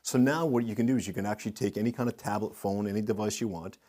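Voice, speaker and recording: A middle-aged man speaking as a guest in an interview, telling lively anecdotes and acting out the voices of people he quotes. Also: on the low side, fast talker. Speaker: guest speaker, industry consultant. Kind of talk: storytelling in a podcast interview.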